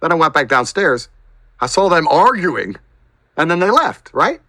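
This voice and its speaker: A man's voice: fairly high pitch, big pitch swings, normal speed, pushed and bright, dry recording. A man as a podcast guest telling stories in casual chat, blunt and emphatic, with occasional swearing.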